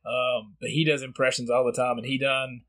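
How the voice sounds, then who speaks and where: A man's voice: medium pitch, little pitch movement, brisk, a bit bright, low-quality recording. Laid-back swearing podcast host man. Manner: laid-back, swears a lot, says "bro" and "dude". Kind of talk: casual chat.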